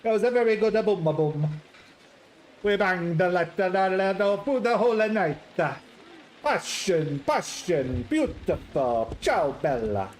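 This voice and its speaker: A man's voice: high-pitched, expressive, unhurried, slight background noise, voice pushed up, poor audio. A man putting on an Italian accent to voice a blunt, flirtatious woman stallholder, exuberant and theatrical. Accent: put-on Italian.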